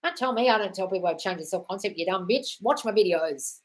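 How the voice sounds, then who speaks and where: A woman's voice: mid-range voice, lively intonation, fast. An Australian woman talks straight into her live stream, answering viewer questions as a coach. She is blunt and sweary and keeps calling people darling, and she often reads the comments aloud before she answers them.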